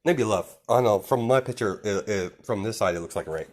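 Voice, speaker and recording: A man's voice: lowish voice, moderate pace, background noise. A man casually improvising a fan story, rambling with many fillers and restarts.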